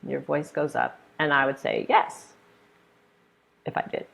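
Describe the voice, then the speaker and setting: American woman teaching pronunciation online, low gravelly voice, patient, demos each example. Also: fairly even intonation, fairly quick, fairly bright tone. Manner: patient, demonstrates intonation by example. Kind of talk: live online lesson. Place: hot room.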